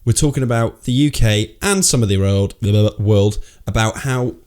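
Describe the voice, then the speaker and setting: A man's voice: lowish voice, normal speed, a little mellow. A man hosting a casual pub chat podcast, blunt and sweary, teasing his co-host.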